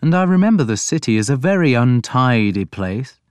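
A man voicing a mild but stern scholarly king in an audiobook, speaking in a measured way. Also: medium pitch, sing-song, clean tone, no echo, clean studio sound, close to an everyday voice. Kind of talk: audiobook character voice.

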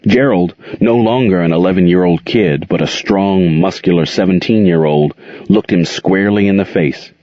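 A man reading a story aloud as narrator, in a steady, unhurried way. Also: low voice, no room sound. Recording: dull lo-fi dry recording.

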